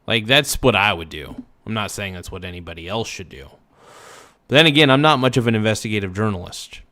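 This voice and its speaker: A man's voice: lowish voice, animated, brisk, sharp tone. A man hosting a casual reaction livestream, rambling loosely and swearing freely. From Oregon.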